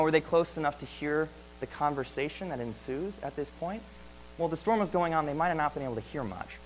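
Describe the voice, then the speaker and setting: An earnest male preacher delivering a sermon, full of rhetorical questions and stammered repeats. His voice sits a little higher than most men's. A faint hum runs beneath the recording. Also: rough recording.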